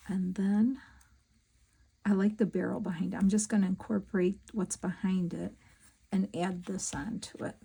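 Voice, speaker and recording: A middle-aged woman chatting casually to her viewers while she works on a craft project, talking to herself in soft asides. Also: medium pitch, vocal fry, husky, poor audio. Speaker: crafting vlogger.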